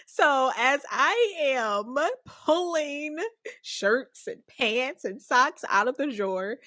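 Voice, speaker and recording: A woman with a fairly high voice tells a story from her own life at a slow, easy pace, chuckling often between phrases. She is a podcast host, and her voice is recorded close and dry. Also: fairly bright tone, no echo. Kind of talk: casual storytelling.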